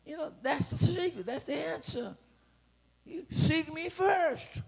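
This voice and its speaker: Male preacher, high and gravelly, unhurried, dramatic with sudden shouts. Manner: dramatic, rising to shouts, playful asides. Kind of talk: sermon.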